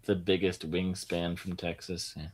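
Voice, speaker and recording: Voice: sits low, level tone, unhurried, a little mellow. A podcast co-host making playful teasing remarks and chuckling asides in casual banter.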